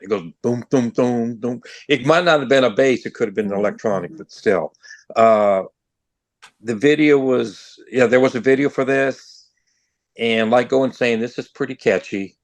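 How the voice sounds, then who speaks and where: A man's voice: medium pitch, normal speed, no echo. A man co-hosts a casual music podcast with a mid-range voice. He speaks hesitantly, with many fillers. The sound is dry and close. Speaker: podcast co-host. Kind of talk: casual chat about music.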